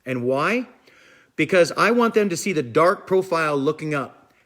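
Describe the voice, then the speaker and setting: Guy rambling on a fishing livestream, kinda higher voice, keeps saying i'm telling you. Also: animated, moderate pace, fairly bright tone. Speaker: fishing live stream host. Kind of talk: casual live stream chat, answering viewers.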